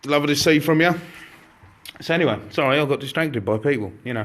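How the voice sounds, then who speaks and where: A man, an airsoft shop owner, chatting casually and excitably to viewers on a live stream from inside his shop. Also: on the high side, a little fast. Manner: chatty, excitable, jokey, addresses viewers directly.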